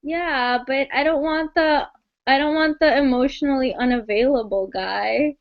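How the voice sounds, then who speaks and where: High-voiced chatty young woman. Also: normal speed. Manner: chatty, many filler "like"s. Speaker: book club co-host. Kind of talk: casual book chat. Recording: dull lo-fi webcam audio.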